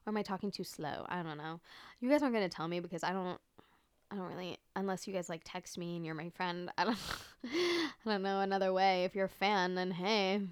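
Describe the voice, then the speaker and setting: A young woman hosting a solo podcast in casual chat, rambling with many fillers and swearing freely, sometimes dropping to a soft whisper close to the microphone. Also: on the low side, brisk, smooth, dry recording. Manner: drops to soft whispers at times. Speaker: podcast host.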